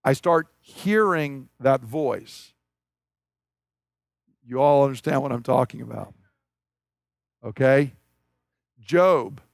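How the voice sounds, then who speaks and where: A man's voice: mid-range voice, gravelly, no echo. Earnest preaching man, dry sound. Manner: earnest, conversational preaching with rising emphasis. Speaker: pastor. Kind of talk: sermon.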